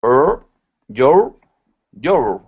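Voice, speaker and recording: A man's voice: mid-range voice, very animated, very slow, breathy edge, highs cut off. A man reading aloud hesitantly as a student in an online lesson.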